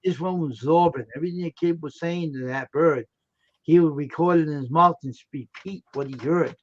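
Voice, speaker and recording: Brief: male co-host, higher voice, animated and crude, laughs through his stories; dry, dull stream audio. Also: fairly quick. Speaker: livestream co-host. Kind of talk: casual storytelling chat.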